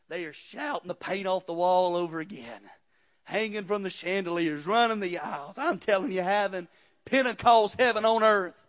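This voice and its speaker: High-voiced preacher, lo-fi. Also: male voice. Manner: preaching with rhythmic "uh" breaths, building to shouts; quiet storytelling testimony. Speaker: pastor. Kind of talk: sermon.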